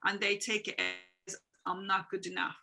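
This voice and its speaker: A woman's voice: medium pitch, sing-song, normal speed, gravelly, bright, forceful tone, low-quality recording. A woman coaching guest on a video call, explaining earnestly in long, repetitive sentences with small grammar slips. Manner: earnest, explanatory, repeats phrases, non-native grammar. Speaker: guest, emotional wellbeing coach. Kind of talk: interview answers.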